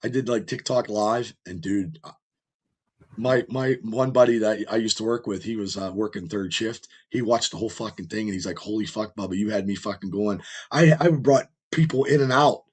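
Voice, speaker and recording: A man with a rough, strained voice, hosting a podcast and telling long, rambling, profane stories in casual chat. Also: fairly low pitch, moderate pace. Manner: rambling storyteller, heavy swearing. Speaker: podcast host.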